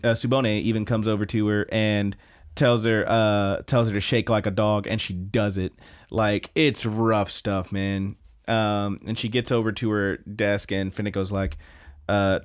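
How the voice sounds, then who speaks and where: A young man with a fairly low voice co-hosts a casual podcast. He recaps anime episodes in a rambling, animated way, often slipping into the characters' lines as he goes. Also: clean tone. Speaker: podcast co-host.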